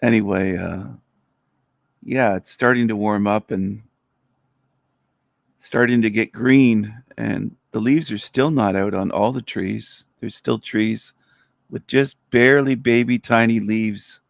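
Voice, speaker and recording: A man's voice: fairly low pitch, steady tone, takes it slowly, creaky, no room sound, studio quality. A middle-aged man hosting a livestream, talking in a blunt, crude, rambling and opinionated way. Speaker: livestream host. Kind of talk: casual rambling livestream monologue.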